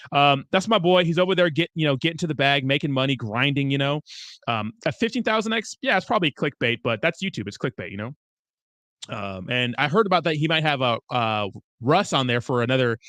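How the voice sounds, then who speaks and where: A young man runs a casual crypto livestream and swears his way through viewer comments in loose, chummy rambling. His voice sits fairly high for a man and swings up and down a lot. It is recorded close and dry, with no room sound. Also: pushed and bright, dry recording.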